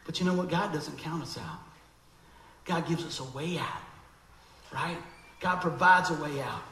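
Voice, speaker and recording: A man preaching a sermon in an animated, conversational way, acting out quoted voices. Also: fairly high pitch, measured pace, reverberant, slight background noise, rough recording.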